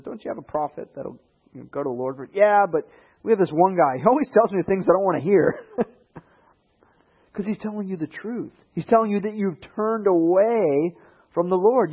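A man with a slightly husky voice preaches a sermon. His delivery is animated, and he slips into quoted voices and rising emphasis. The recording sounds a little dull and lo-fi. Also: fairly high pitch.

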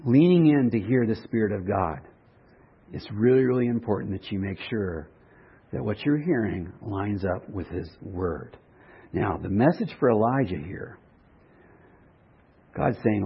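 A man preaching a sermon in a relaxed, conversational way, with restarts and light humor. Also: lowish voice, measured pace, long pauses, husky, highs cut off. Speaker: pastor.

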